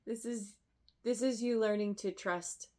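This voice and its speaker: Slow, emotional woman tarot reader. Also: fairly high pitch, fairly even intonation, warm tone. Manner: emotional, effusive, halting with restarts and laughs. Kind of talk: tarot reading to camera.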